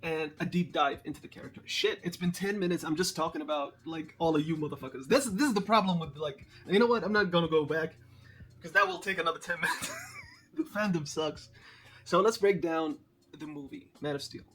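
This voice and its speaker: A man giving casual, profane, animated commentary as a movie reviewer, slangy and laughing at his own jokes. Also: on the high side, fairly quick, a little hiss or hum.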